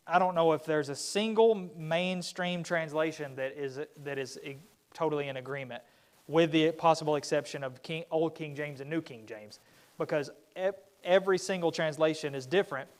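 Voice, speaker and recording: A man teaching a church Bible study in a loose, conversational way. He restarts often and puts on livelier voices when he quotes someone. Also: fairly high pitch. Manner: conversational, with frequent restarts and fillers; acts out quoted speakers in a livelier voice. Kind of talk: Bible class lesson. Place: church classroom.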